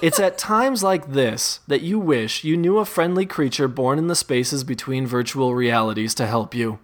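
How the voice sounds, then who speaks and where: A man narrating an interactive second-person story in a wry, deadpan way, often breaking into laughter. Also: mid-range voice, moderate pace. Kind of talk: second-person choose-your-path narration.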